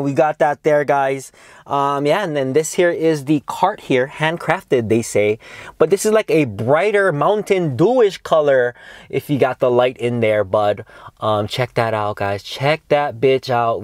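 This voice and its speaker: A man's voice: fairly high pitch, dry recording, studio quality. Slangy, swearing young man reviewing weed. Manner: laid-back slangy, swears a lot, calls viewers dog and bro. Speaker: cannabis reviewer. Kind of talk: casual vlog review.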